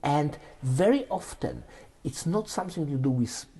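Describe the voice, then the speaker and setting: A man's voice: on the high side, moderate pace, slightly rough. A man, a neuroscientist guest, explaining ideas conversationally and telling anecdotes with many restarts and asides. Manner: animated, tells anecdotes with frequent restarts.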